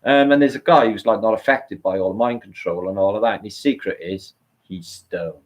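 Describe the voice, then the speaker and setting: A man's voice: on the low side, a little fast, poor audio. A middle-aged man hosting a live stream, chatting casually, rambling and swearing as he answers comments.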